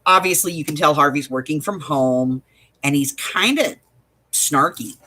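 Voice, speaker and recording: A woman's voice: low voice, measured pace, pushed and bright. A woman running a craft shop, telling a story in casual chat, with exasperated asides. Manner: chatty storytelling, exasperated asides, laughs often.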